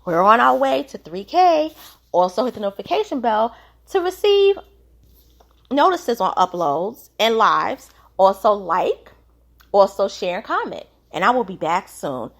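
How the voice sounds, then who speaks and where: A woman's voice: medium pitch, sing-song, measured pace, creaky. A woman hosting her own channel, giving chatty, opinionated commentary in a colloquial way. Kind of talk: casual commentary vlog.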